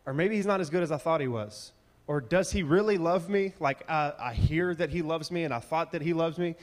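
Chatty pastor. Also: male voice, on the high side, brisk. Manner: chatty, slangy, animated asides. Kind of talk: casual sermon. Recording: reverberant church hall.

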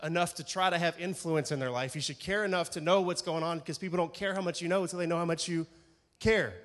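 Male pastor, fairly high voice, chatty, lively sermon style, long church reverb. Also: fast talker. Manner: conversational, energetic, asks the congregation "right?".

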